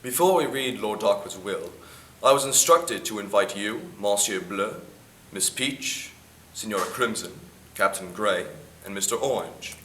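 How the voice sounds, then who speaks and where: A man plays a composed, knowing man who drops hints in a measured, insinuating tone. His voice is on the low side yet bright. The room is echoey, with faint noise behind him. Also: expressive.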